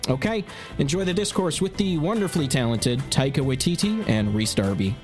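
A man's voice: fairly high pitch, lively intonation, brisk, over loud music. A man hosting an interview podcast, reading an upbeat scripted intro and then asking questions. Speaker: podcast host.

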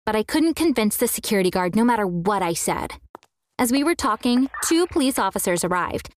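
A woman's voice: medium pitch, very animated, fairly quick, slight background noise. A young woman reading a scripted first-person story in an earnest way, now and then acting out the quoted lines.

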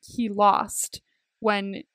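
A woman's voice: medium pitch, completely flat delivery, drawn-out words, fairly bright tone, no room sound, clean studio sound. A young woman co-hosting a casual movie recap podcast, chatty and full of fillers, laughing often. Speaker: podcast co-host.

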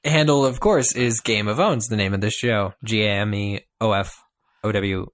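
A man's voice: on the low side, normal speed. A man co-hosting a podcast in casual chat, reading listener tweets and emails out with energy. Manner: chatty, reads tweets out with energy. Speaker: podcast co-host.

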